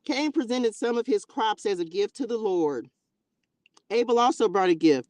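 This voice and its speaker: A woman hosting a livestream who reads scripture and adds animated, slangy, joking commentary. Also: mid-range voice, dry recording. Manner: animated, laughing, slangy asides. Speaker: livestream host reading scripture. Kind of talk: bible reading with casual commentary. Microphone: livestream mic.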